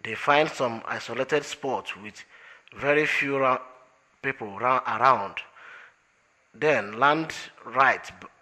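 A man's voice: mid-range voice, takes it slowly, pauses often, sharp tone. A man reading an audiobook, voicing a breezy, smug male alien traveler in an offhand, amused way.

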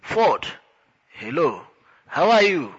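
A man's voice: a little high, big pitch swings, slow pace, a bit bright, slightly rough, big-room sound, lo-fi sound, pitched above the performer's own voice, full character voice. A man voicing an exasperated young Englishman who answers with sarcasm. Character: flustered indignant Englishman, young adult male.

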